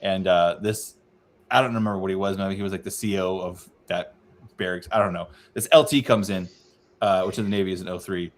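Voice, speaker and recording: A man's voice: deep voice, steady tone, brisk, slight background noise. A man, a navy veteran co-host, telling a loose, rambling story in casual chat and swearing freely.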